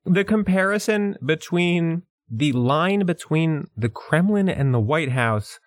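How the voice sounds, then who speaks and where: A man's voice: on the high side, expressive, takes it slowly, no echo. A man co-hosting a podcast in casual conversation, sarcastic and laughing often. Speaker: podcast co-host.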